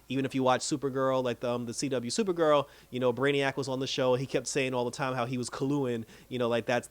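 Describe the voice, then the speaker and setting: A man's voice: mid-range voice, dry recording. Guy doing a chill episode recap, laughs a lot, medium voice, dry close mic. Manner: animated storytelling, laughs while retelling scenes. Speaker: TV episode reviewer.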